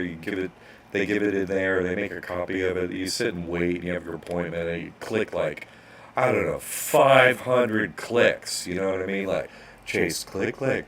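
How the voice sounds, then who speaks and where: A man's voice: sits low, normal speed, fairly bright tone. A man casually telling a rambling story as an online course instructor, restarting sentences and acting out bank clerks.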